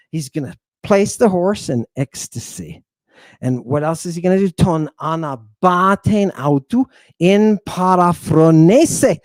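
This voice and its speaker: A man teaching an informal language lesson in a brash, teasing way, with quick asides to his students. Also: fairly high pitch, darkish tone, no echo, studio quality.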